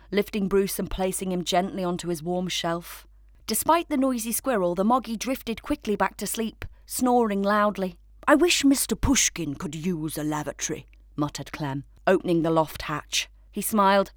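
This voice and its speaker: A woman narrating a children's story in a gentle, measured way. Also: mid-range voice, no room sound, clean studio sound.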